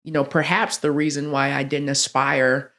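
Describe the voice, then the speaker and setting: A woman, a podcast guest telling stories expressively and acting out quoted lines, with frequent laughter. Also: moderate pace. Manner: expressive, acts out quotes with big pitch swings, laughs often. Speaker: guest, athletics director. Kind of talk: animated storytelling in conversation.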